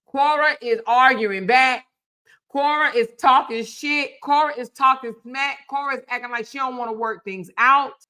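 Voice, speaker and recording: A woman's voice: high voice, steady tone, normal speed, sharp tone. A woman hosting casual gossip commentary, mocking and emphatic, repeating her points. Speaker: commentary host.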